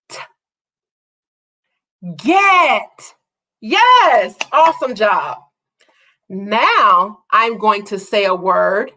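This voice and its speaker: A woman teaching an online phonics lesson to young children, speaking slowly and praising every answer. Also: on the high side, sharp tone. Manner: slow, drawn-out and encouraging, praising each answer.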